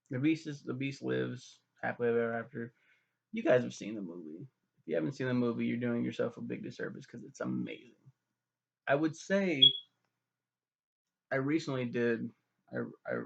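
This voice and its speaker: A man giving a rambling, profane casual movie recap, slipping into quick voices for the characters. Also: medium pitch, gravelly, dull audio. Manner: loose, profane, mimics characters in quick asides. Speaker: film reviewer.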